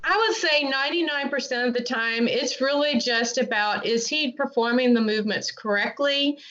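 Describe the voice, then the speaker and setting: Her voice sits high and fairly bright, at normal speed. As an amateur dressage rider from North Carolina interviewed on a casual podcast, she talks earnestly and chattily at length, restarting sentences often, over dull lo-fi audio.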